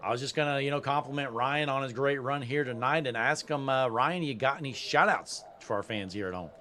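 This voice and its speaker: Man, race broadcast host, upbeat folksy patter, mid pitch, faint background hiss. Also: a little fast, pushed and bright. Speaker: play-by-play host. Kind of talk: sim racing broadcast commentary.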